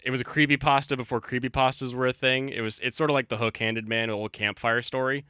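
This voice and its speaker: A man's voice: medium pitch, steady tone, fast, bright, forceful tone, smooth, no room sound, clean studio sound. A man hosting a casual stream, chatting and telling a rambling story with many fillers and restarts. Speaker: stream host. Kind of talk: casual chat.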